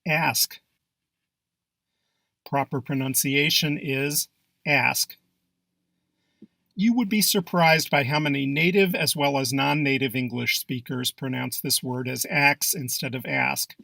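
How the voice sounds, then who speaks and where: A man reading scripted narration for an English pronunciation lesson, with an even, measured delivery. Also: medium pitch, vocal fry, no echo.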